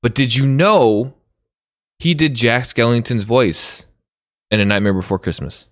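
A man's voice: medium pitch, unhurried, no echo, clean studio sound. A man co-hosting a movie podcast in casual, laid-back chat, swearing and laughing freely. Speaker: podcast co-host.

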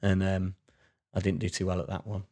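Low-voiced man telling rambling stories. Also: monotone, fairly quick, mellow. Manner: rambling storyteller, many restarts and "like"s. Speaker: podcast co-host. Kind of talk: casual chat.

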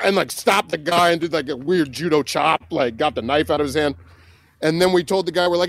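A man being interviewed, telling a story with laughs and acting out the people he quotes in loud voices. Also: a little high, moderate pace, vocal fry. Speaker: guest, comedian and prank filmmaker. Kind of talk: animated anecdote telling.

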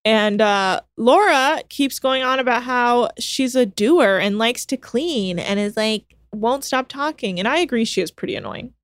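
A woman's voice: fairly high pitch, animated, unhurried, few pauses, no room sound. A young woman co-hosting a podcast, recapping a reality show in a chatty, sarcastic way. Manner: chatty, sarcastic, mimics people in snippy voices. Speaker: podcast co-host. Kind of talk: casual reality TV recap chat.

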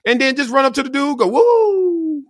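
A man's voice: extremely high pitch, flat delivery, rapid-fire, fairly bright tone, dry recording, clean studio sound. A middle-aged man hosting a casual sports show, talking in slang and acting out quotes in different voices. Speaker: host.

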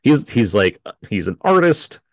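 A man hosting a film podcast, chatting in a relaxed, hedging way and chuckling often. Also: medium pitch, a little slow, no room sound. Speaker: podcast host. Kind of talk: casual podcast chat.

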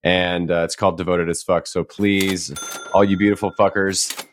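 A man's voice: deep voice, little pitch movement, normal speed, slight background noise. A man co-hosting a podcast in casual chat, irreverent and jokey, swearing freely. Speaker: podcast co-host.

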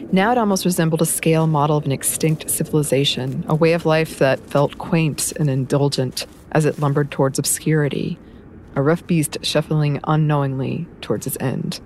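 A woman narrating a novel in a measured, even storytelling manner. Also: deep voice, a little hiss or hum. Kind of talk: audiobook narration.

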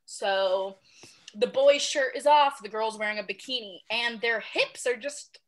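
A woman appearing as a guest on a podcast, chatting casually in an animated, playfully dramatic way. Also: a little high, a little slow.

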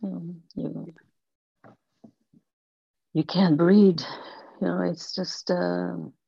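Old lady in her 80s telling stories slow, soft little laughs, gravelly voice, kinda muffled audio. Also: on the low side, level tone, dry recording. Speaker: interview guest. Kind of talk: storytelling in conversation.

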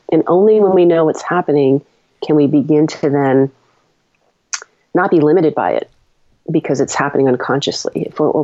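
Woman, leadership coach, calm, reflective, dry, muffled lo-fi recording. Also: deep voice, dry recording. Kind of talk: explanatory interview talk.

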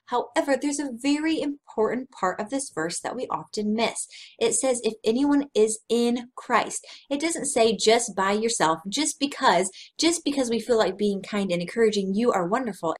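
Woman, 30s, devotional speaker; earnest, conversational, slow and deliberate delivery. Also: fairly high pitch, animated. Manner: tells personal stories with frank honesty. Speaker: Christian speaker. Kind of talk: devotional teaching talk.

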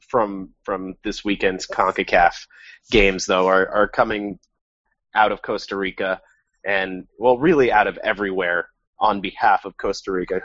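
A man's voice: fairly low pitch, a bit bright, dry recording, muffled recording. A man hosting a casual sports podcast over a remote call, talking wryly and correcting himself as he goes. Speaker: podcast host. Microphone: remote call mic.

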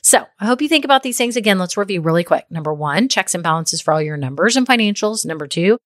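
A woman hosts a business podcast, talking straight to her listeners in a chatty, encouraging way. She keeps checking in with them as she goes. Her voice sits in an ordinary middle pitch and is recorded close and dry. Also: animated, fast talker, no room sound. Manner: chatty and encouraging, with frequent "okay?" and "right?" check-ins. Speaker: podcast host. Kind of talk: motivational business podcast talk.

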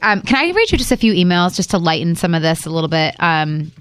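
A woman's voice: fairly low pitch, big pitch swings, fast talker, smooth, dry recording. A woman co-hosting a podcast, emotional and reactive, then reading listener emails. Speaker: podcast co-host. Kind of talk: casual conversation.

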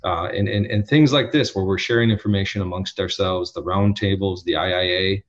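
A man, an audit executive, answering interview questions in an earnest, emphatic way with many restarts and a husky voice. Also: low-pitched, brisk. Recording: dull lo-fi sound.

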